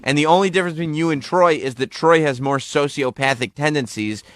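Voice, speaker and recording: A man's voice: on the high side, brisk, a bit bright, dry recording, clean studio sound. A man co-hosting a radio show, teasing his co-host with wordy, incredulous remarks. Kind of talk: radio banter.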